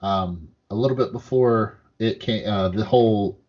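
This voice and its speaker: A man's voice: fairly low pitch, normal speed, dull audio. Profane, rambling male podcast co-host. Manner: profane, rambling, acts out quotes. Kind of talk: casual political chat.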